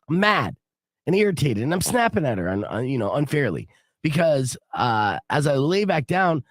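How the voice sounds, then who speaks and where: Animated radio host with a dry studio sound. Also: male voice, a little high, moderate pace, no room sound. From Arizona. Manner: animated storyteller, acts out quotes loudly. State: sick with a cold. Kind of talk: casual morning radio chat.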